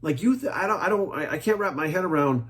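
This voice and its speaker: A man with a somewhat high voice talks straight to his audience in a casual rant. He is blunt and emphatic, swears often, and keeps repeating his points. He checks in with "right?" as he goes. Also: expressive, quick pace, fairly bright tone. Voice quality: blunt, heavy cursing, fired up. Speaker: host. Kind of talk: casual monologue.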